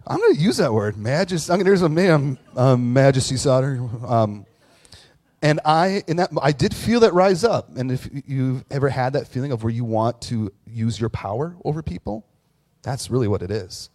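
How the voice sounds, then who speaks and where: A man's voice: mid-range voice, sing-song, moderate pace, a little mellow. A man preaching a conversational sermon as a pastor, candid and self-deprecating, telling stories with plenty of fillers and restarts. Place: church with online audience.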